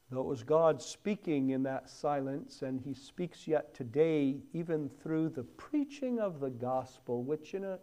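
Slow, lively-pitched preacher man. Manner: emphatic swells on key words, dropping to near-whispers. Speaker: pastor. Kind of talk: sermon.

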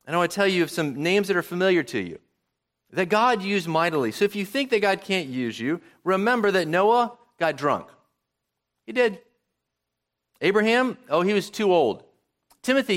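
A male pastor delivers a sermon, with his pitch rising and falling in a lively way. His voice sits a bit high for a man, and he works through a string of rhetorical questions to the congregation. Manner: animated preaching with rhetorical questions. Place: church.

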